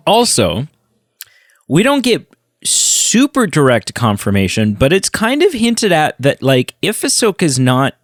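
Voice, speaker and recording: A man's voice: a little high, wildly swooping pitch, a little slow, no room sound, studio quality. A man hosting a podcast, chatting casually in a review and retelling scenes with many fillers. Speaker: podcast host. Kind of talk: casual film review chat.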